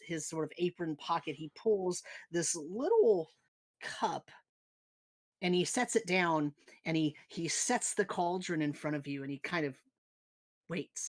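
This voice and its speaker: A woman narrating as game master of a tabletop game, halting and searching for words as she describes scenes. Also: lowish voice, no room sound.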